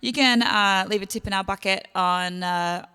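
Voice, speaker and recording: A woman's voice: medium pitch, moderate pace, pushed and bright, smooth. Chatty Australian woman, reverberant room. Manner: chatty, thanking tippers by name. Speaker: singer hosting a livestream concert. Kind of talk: casual chat to online viewers. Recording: long reverb with instrument music.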